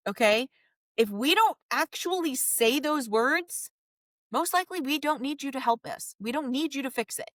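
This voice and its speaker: A woman's voice: high voice, expressive, moderate pace, a bit bright, dry recording. A woman marriage coach giving direct, emphatic advice to husbands in a podcast monologue.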